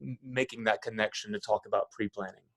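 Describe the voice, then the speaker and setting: A man, a priest, interviewing a guest in a casual chat, often halting and restarting his sentences. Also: lowish voice, steady tone, dry recording, studio quality.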